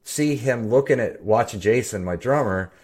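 A middle-aged man, a bassist and podcast co-host, chatting casually and telling rambling stories with many restarts. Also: lively intonation, moderate pace, darkish tone. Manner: rambling, self-interrupting storyteller. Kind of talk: casual chat.

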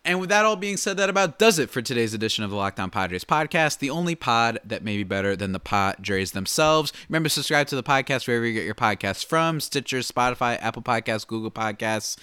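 A man's voice: mid-range voice, pushed and bright, clear, resonant tone, dry recording. A man hosting a sports podcast, talking in an upbeat, casual way with fillers. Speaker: podcast host.

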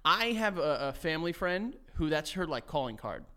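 A man's voice: fairly high pitch, big pitch swings, moderate pace, bright, forceful tone. A man co-hosting a podcast in casual chat, who laughs often and swears freely. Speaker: podcast co-host.

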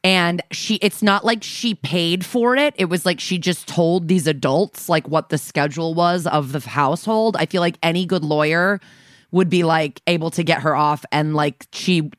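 A woman co-hosting a podcast, talking through her views in a calm, casual way. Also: fairly low pitch, normal speed, dry recording, studio quality. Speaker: podcast co-host.

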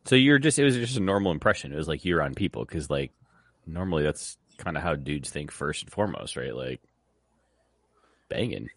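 A man with a very deep voice and lively intonation, teasing his co-hosts on a sports podcast. His jokes land in a wry, easygoing way. The sound is dry and close. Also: fairly quick, no room sound. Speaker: podcast co-host. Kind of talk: casual sports chat.

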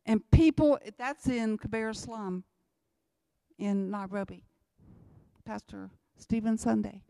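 A woman's voice: medium pitch, slow, gravelly, mellow, dry recording. A woman speaking as a missionary, telling church testimony stories in a repetitive, emphatic way.

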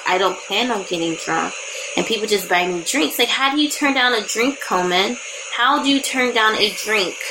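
A woman co-hosting a podcast, telling stories in an animated, laughing way while tipsy from drinking. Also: mid-range voice, background noise. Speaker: podcast co-host. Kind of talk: casual chat.

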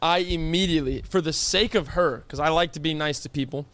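A man's voice: on the high side, brisk, fairly bright tone, no echo. A young man co-hosting a podcast, telling a story in casual chat with lots of emphasis and laughter. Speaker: podcast co-host.

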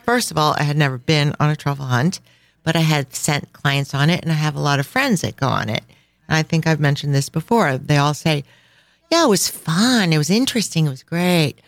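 A woman's voice: low voice, a little fast, no echo. A woman co-hosting a travel podcast, telling a story in casual chat, rambling and laughing often. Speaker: podcast co-host.

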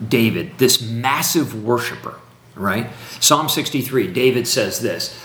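A man's voice: mid-range voice, lively intonation, a little slow, fairly bright tone. A man speaking in a teaching conversation with emphatic, preacherly build-ups and repetition. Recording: roomy echo.

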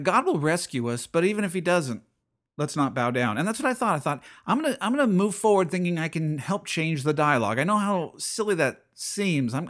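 A man's voice: high-pitched, a bit bright. A middle-aged man hosting a podcast, giving an earnest personal faith reflection that often repeats phrases and restarts his sentences. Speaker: podcast host.

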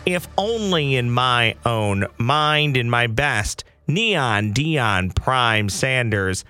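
Excitable bright-voiced podcast host man. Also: medium pitch, soft background music. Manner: excitable, playful, rapid patter. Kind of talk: casual sports podcast chat. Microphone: headphones with studio mic.

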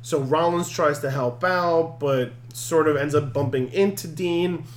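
Animated man recapping casually. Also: a little high. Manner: animated, jokey, recaps events quickly. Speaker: podcast host. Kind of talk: casual wrestling recap chat.

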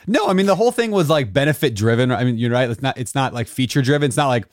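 A man's voice: mid-range voice, lively intonation, fast talker, dry recording. A man co-hosting a podcast, with an ordinary mid-range voice. He speaks casually with plenty of fillers and a joking tone, in a dry, close recording. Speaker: podcast co-host. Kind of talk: podcast interview.

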